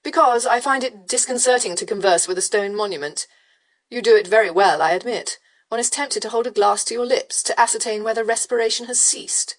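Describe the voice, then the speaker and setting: A woman reading an audiobook voices an arrogant male aristocrat who drawls and teases in smooth, provocative tones. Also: fairly high pitch, fairly quick, close to an everyday voice. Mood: teasing drawl. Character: arrogant, lazily teasing male aristocrat rake. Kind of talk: audiobook character voice.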